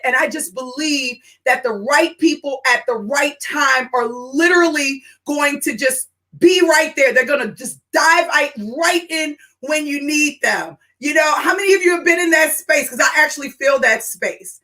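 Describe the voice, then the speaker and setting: Bright, high-pitched excited woman. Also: a little slow, poor audio. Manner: high-energy, exclamatory, addresses viewers by name. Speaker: host of a live stream. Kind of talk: excited live-stream announcement.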